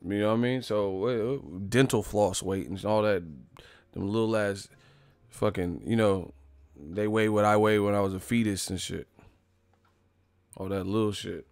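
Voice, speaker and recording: A man's voice: fairly low pitch, fairly even intonation, moderate pace, pauses often, clear, resonant tone, dry recording. A man hosting a boxing channel, riffing in a loose, profane comedic rant and laughing often. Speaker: boxing commentator.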